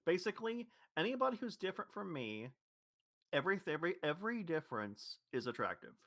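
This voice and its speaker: A man's voice: high voice, big pitch swings, brisk, a bit bright, dry recording. Rambling guy with a neutral accent. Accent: neutral General American. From Louisville, Kentucky. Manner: rambling, self-correcting, with many restarts. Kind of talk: casual chat.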